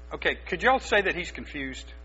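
A man's voice: a little high, sing-song, unhurried, sharp tone, slightly rough. A man preaching a sermon as pastor, exhorting his listeners with emphatic, urgent delivery. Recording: dull lo-fi recording with mains hum.

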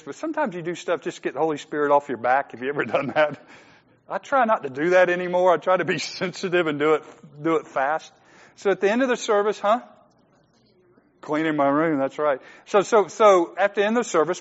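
A man's voice: a little high, in a large hall, lo-fi sound. A man preaching as pastor, conversational and joking, laughing often in a church sanctuary. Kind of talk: sermon.

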